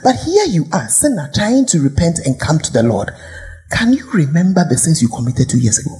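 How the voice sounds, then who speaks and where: A woman's voice: low voice, big pitch swings, a little fast, dark tone. A woman pastor with a Ghanaian accent preaching a sermon, firing rhetorical questions and sometimes dropping to a whisper.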